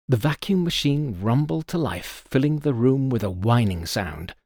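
A man narrating a scripted mystery story in a measured, expressive storytelling manner. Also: on the low side, no echo, studio quality.

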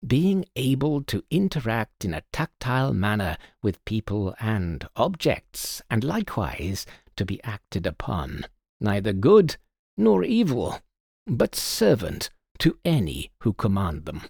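A sharp-minded detective lays out his reasoning with calm command, as a male narrator plays him. His voice sits a little higher than the narration and moves with lively rise and fall. Delivery is unhurried and the sound dry and close. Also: vocal fry, husky, no echo, full character voice. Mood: assured. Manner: precise, authoritative explaining.

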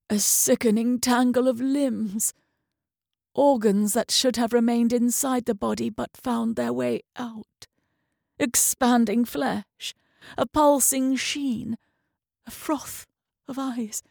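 A woman narrating a first-person horror story dramatically, at times dropping into hushed whispers. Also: on the high side, gravelly, no room sound, clean studio sound.

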